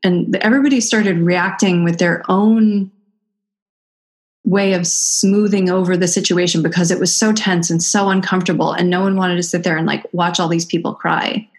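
Low-voiced woman telling a story. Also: moderate pace. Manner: animated, acts out quoted voices. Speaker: guest, Ayurvedic practitioner. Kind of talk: casual conversational storytelling.

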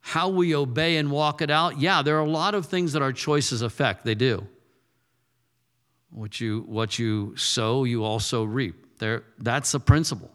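A man's voice: medium pitch, a little slow, a bit bright. A male pastor preaching a sermon in a loose, conversational way, often repeating words as he goes. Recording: reverberant hall.

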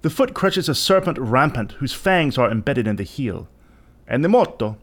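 A man's voice: mid-range voice, moderate pace. A man giving a theatrical, interpretive reading of a classic short story. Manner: theatrical, expressive narration. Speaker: reader.

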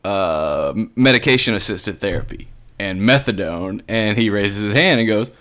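A young man with a lively, swinging pitch tells stories on a casual podcast. He laughs often and slips into other people's voices when he quotes them. His delivery is animated and chatty. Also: moderate pace. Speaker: podcast co-host. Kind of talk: casual storytelling chat.

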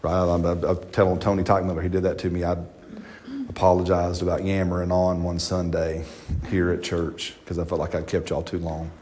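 Folksy pastor preaching. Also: male voice, sits low, brisk, a little hiss or hum. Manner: folksy, animated preaching with rhetorical questions. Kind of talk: sermon. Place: church.

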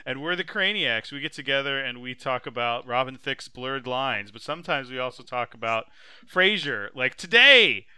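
A man co-hosting a podcast in casual chat, telling stories with laughing, shouted impressions. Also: mid-range voice, clean tone, no echo. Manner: animated storyteller, loud laughing impressions. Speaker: podcast co-host.

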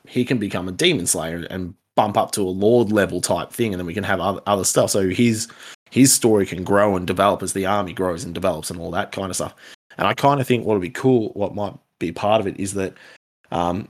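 A man hosting a casual podcast, rambling and swearing, often restarting his sentences. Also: low-pitched.

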